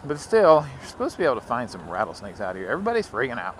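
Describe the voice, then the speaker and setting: A man's voice: mid-range voice, huge pitch swings, racing, hardly any pauses, a little hiss or hum. A man from Louisiana with a Southern accent, rambling casually while riding a motorcycle. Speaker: motovlogger.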